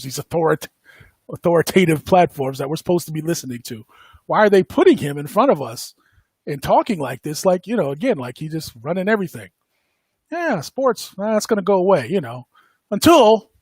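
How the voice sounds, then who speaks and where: A man hosts a podcast as casual livestream commentary, rambling with lots of fillers and frequent laughs. His voice is fairly high-pitched, darkish in tone and slightly rough, with no echo.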